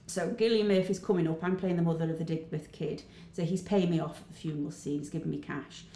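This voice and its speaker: Actress, lively raconteur, acts out every line; echoey room, faint hum. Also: female voice, on the low side, fast. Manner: animated storyteller, acts out dialogue. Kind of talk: interview guest chat.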